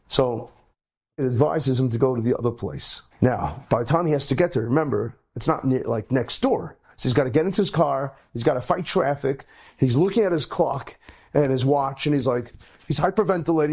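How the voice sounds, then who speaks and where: A man, a rabbi, telling an inspirational story in an animated way, his voice jumping up high at dramatic moments. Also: moderate pace, creaky, husky.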